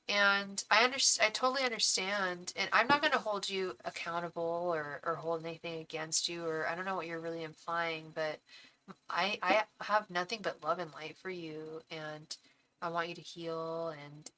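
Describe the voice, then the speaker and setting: A woman's voice: lowish voice, pushed and bright, low-quality recording. A young woman doing a live tarot stream, talking earnestly and defensively to viewers, stammering and restarting, calling them pet names, and openly emotional. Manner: calls viewers pet names like babe and honey. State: emotional, heart racing.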